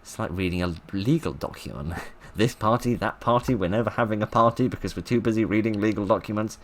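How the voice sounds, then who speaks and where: A man's voice: on the low side, fast. A man reading an old book aloud and breaking off for wry, sarcastic asides, often laughing. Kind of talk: comic read-aloud with commentary.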